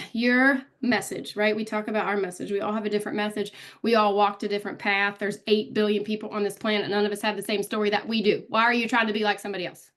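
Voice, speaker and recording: A woman's voice: medium pitch, little pitch movement, quick pace, fairly bright tone. A woman giving a casual live online training on social media, talking directly to viewers and calling them out by name. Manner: chatty, calls out viewers by name.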